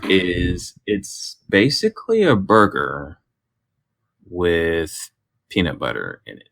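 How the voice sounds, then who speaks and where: A man co-hosting a podcast, running segments in a playful, lively way. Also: low voice, slow pace, creaky, no room sound. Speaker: podcast co-host. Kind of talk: casual chat.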